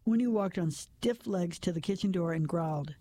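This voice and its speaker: A woman narrating a first-person story, reading it in a measured, steady way. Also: fairly low pitch, dry recording.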